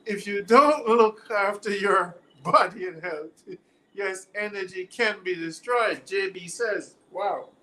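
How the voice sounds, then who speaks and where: A man's voice: high voice, slow pace, pushed and bright, rough recording. A man with a Jamaican accent hosting a live stream, reading viewer comments aloud, laughing often and quizzing his viewers like a teacher. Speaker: livestream host.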